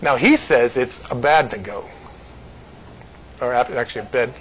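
A man's voice: mid-range voice, fairly quick, a bit bright, rough recording. A man from California giving informal Bible teaching to a small group, joking and laughing often between his points.

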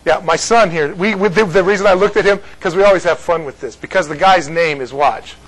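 A man's voice: high-pitched, a little fast, a bit bright, low-quality recording. A man from California giving informal Bible teaching to a small group, joking and laughing often between his points.

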